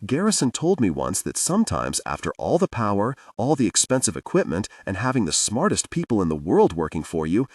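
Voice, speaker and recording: A man's voice: on the low side, huge pitch swings, fairly quick, hardly any pauses, darkish tone, breathy edge, no echo, distant mic, heavily acted. A man voicing a wry, commanding older woman in an audiobook, teasing in a dry way.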